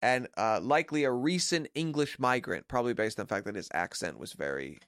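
A man co-hosting a casual podcast, telling a story with quick jokey asides. His voice sits at an everyday middle pitch. The recording is close and dry. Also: lively intonation, a bit bright, dry recording. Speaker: podcast co-host. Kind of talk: casual chat.

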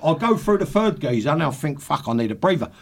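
A man's voice: fairly high pitch, very animated, fast talker, vocal fry. A man in his sixties, a podcast guest, telling swearing football anecdotes with laughs. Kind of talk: casual storytelling.

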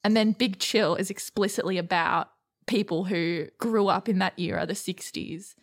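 A woman's voice: mid-range voice, moderate pace. Dry, opinionated young woman. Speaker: podcast co-host. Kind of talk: casual chat.

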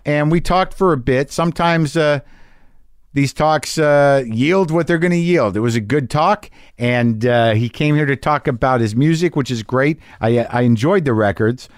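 A man's voice: medium pitch, normal speed, clean tone, no echo. Middle-aged guy hosting a podcast, rambling and swearing, dry close mic. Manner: loose, profane, rambling with fillers. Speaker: podcast host. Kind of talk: casual podcast chat and ad read.

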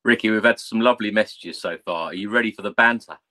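A man's voice: fairly low pitch, quick pace, noisy background. A man hosting a podcast, reading out fan messages and laughing easily. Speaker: podcast host. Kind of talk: casual chat.

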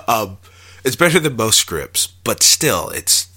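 Bright-voiced man in a lively chat. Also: lowish voice, slow pace, breathy edge. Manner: animated, jokey, acts out quotes. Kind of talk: casual movie review chat.

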